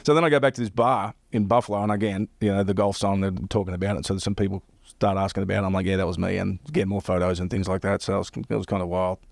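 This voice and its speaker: Male storyteller, lowish pitch, quick rambling delivery with lots of repeats, dry close sound. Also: flat delivery, creaky, a little mellow, no echo. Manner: rambling, repeats himself, acts out phone calls in quick bursts. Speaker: professional caddy telling stories. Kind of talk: casual storytelling chat.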